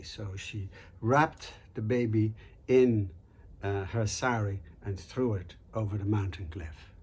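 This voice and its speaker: A man hosting a storytelling show, telling a folk tale in an unhurried, conversational way. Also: lowish voice, darkish tone, slight background noise. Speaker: storyteller host.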